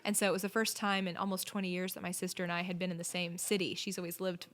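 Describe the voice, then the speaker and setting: A woman's voice: on the low side, level tone, fast, a bit bright. Middle-aged woman, podcast guest, upbeat, chatty, casual interview talk. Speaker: podcast guest, inn owner and corporate chef.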